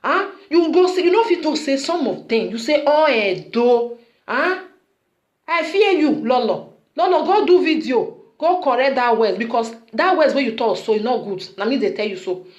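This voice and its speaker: Woman vlogger, Nigerian Pidgin accent, high and scolding, in a roomy echo. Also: animated, moderate pace, highs cut off. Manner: scolding, repetitive, rhetorical "huh?". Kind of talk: scolding video message.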